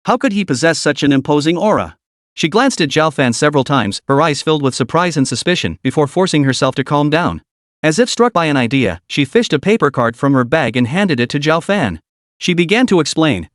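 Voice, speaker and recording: Animated male recap narrator, dry sound. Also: a little high, brisk, no echo.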